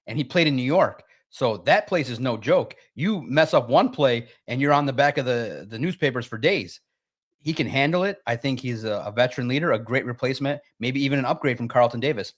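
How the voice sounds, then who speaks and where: Co-hosting a sports talk show, a man speaks casually but with emphasis, his pitch often leaping upward to drive a point home. His tone is fairly bright.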